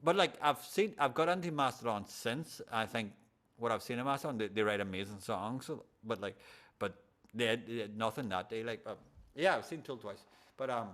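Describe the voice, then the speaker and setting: A man's voice: medium pitch, normal speed, a bit bright. A man hosting a casual podcast, blunt and emphatic, swearing freely as he rambles through his opinions. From Ireland. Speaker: podcast host.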